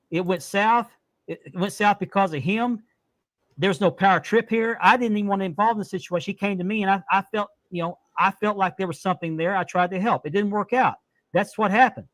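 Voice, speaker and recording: A man's voice: high voice, dry recording. A man hosting a live-stream talk show who speaks indignantly and repeats his points for emphasis. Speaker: podcast host.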